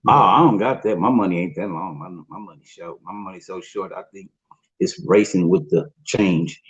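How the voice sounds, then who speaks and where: Male co-host, husky mid-pitched voice, slangy jokester, lo-fi sound. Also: normal speed. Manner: joking, slangy. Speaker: podcast co-host. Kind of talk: casual late-night chat. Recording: lo-fi dull sound.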